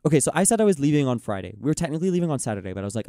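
A young man in casual chat, ranting in an exasperated, animated way and mimicking the people he quotes. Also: medium pitch, very fast, hardly any pauses, clear, resonant tone, no room sound, clean studio sound. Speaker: podcast host.

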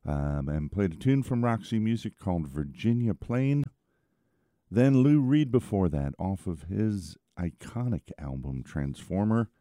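A middle-aged man hosting a radio music show, talking in a laid-back, chatty way with lots of small pauses. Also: deep voice, lively intonation, mellow, dry recording, studio quality. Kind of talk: casual radio show patter.

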